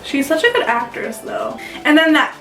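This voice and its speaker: A young woman with a slightly high voice chats and rambles as she gets ready, filling her sentences with "like". She sounds a little away from the camera mic, in a room with an echo. Faint music plays underneath. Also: big pitch swings, moderate pace, a bit bright, recorded from a distance. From South Dakota, US. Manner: chatty, rambling, many "like" fillers. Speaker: beauty vlogger. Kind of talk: casual get-ready-with-me chat.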